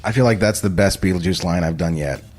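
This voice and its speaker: A man's voice: deep voice, quick pace, a little mellow. A man co-hosting a comedy table read, joking and teasing in crude, casual banter. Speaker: co-host.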